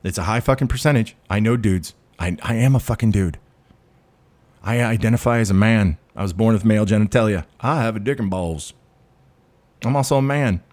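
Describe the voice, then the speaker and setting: A man's voice: on the low side, fairly quick, darkish tone. A man ranting to camera in a blunt, foul-mouthed way, often restarting mid-sentence. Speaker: vlog host. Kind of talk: unscripted profane rant.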